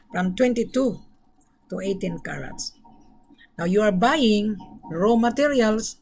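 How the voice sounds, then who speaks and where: A woman's voice: medium pitch, a little hiss or hum, low-quality recording. A middle-aged woman vlogging as a gold trade broker, talking emphatically and repeating points straight to the viewer. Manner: emphatic, repetitive, lectures the viewer directly. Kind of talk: direct-to-camera vlog.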